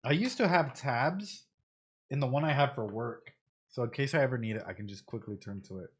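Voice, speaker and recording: A man giving casual reaction commentary to an animated show on a live stream, talking straight to his chat and often repeating phrases. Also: medium pitch, a little fast, husky. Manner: chatty, repeats phrases, addresses chat directly; thinks in Spanish at times.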